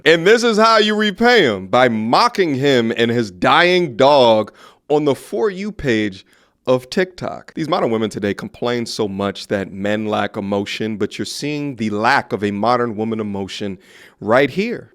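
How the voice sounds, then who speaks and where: A man's voice: mid-range voice, animated, normal speed, a bit bright. A man hosting commentary, speaking bluntly in a preachy, slangy way. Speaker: host.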